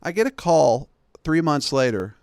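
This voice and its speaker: A man's voice: a little high, expressive, a little slow, a little mellow, smooth, no room sound. A man hosting a podcast, telling a story in a chatty, sarcastic way and acting out the other people in it. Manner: chatty, sarcastic, acts out every character in the story. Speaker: podcast host. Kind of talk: casual comedic storytelling monologue.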